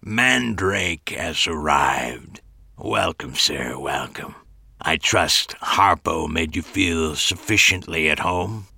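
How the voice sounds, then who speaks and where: A man voicing a frail, eerie, theatrical old man in an audiobook, with a throaty, rasping growl and a slow, grandiose, sinister manner. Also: low-pitched, sharp tone, dry recording, clean studio sound, voice pushed down, heavily acted. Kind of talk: audiobook character voice.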